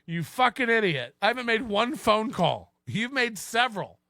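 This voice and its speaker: High, bright-voiced mocking male host. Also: sing-song, normal speed, no echo, clean studio sound. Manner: mocking, sarcastic, laughs at own remarks. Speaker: podcast host. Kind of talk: ranting commentary.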